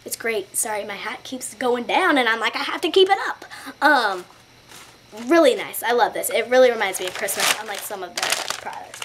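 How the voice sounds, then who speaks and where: A young woman with a slightly high voice, chatting through a casual haul video at home. She rambles and giggles, full of ums and little asides. A faint hiss sits under her voice. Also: fairly bright tone. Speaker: beauty vlogger.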